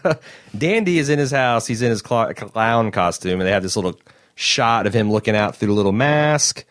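A man's voice: lively intonation, normal speed, a bit bright, no room sound, clean studio sound. A man co-hosting a casual chat, joking and acting out quoted lines. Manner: jokey, acts out quoted lines with bursts of high pitch. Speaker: podcast co-host recapping a TV episode.

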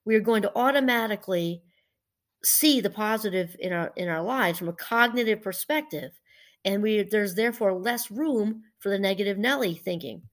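A middle-aged woman, a professor, talking casually and warmly about gratitude, rambling a little and laughing through her stories. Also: mid-range voice, moderate pace. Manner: chatty, rambling, laughs while telling stories. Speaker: professor and podcast host. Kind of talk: casual motivational talk.

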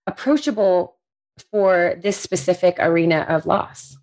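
Woman host, reflective interviewer, lower voice, affirming tone. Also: lively intonation, a little slow. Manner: warm, reflective, affirming the guest. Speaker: podcast host. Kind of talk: conversational interview.

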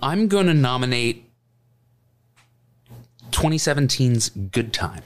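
Chatty, lively male podcast guest. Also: medium pitch, takes it slowly. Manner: chatty, laughing, swearing freely. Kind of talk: casual chat.

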